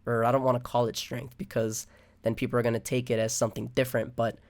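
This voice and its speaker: A man's voice: mid-range voice, little pitch movement, fast. Profane ranting man. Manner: profane, frustrated, with frequent restarts and filler. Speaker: vlogger. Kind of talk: angry ranting monologue.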